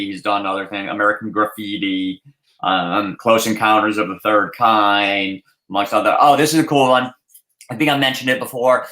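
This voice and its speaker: This man hosts a loose podcast chat, his voice bright and forceful. He rambles and often restarts his sentences. The sound is roomy and echoey. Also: lowish voice. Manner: rambling, many fillers and restarts. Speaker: podcast host.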